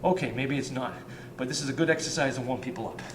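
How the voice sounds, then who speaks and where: A man demonstrating warm-up drills as a fitness coach, talking with energy and counting reps as he exercises, sometimes out of breath. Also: mid-range voice, fast. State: out of breath at times. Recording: roomy, distant mic with ambient noise.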